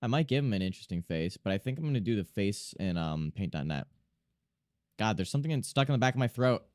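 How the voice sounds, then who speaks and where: Low-voiced man rambling on stream. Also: expressive, quick pace, darkish tone, no room sound, studio quality. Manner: rambling, self-mocking, talks to himself and chat. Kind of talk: casual chat while drawing on stream.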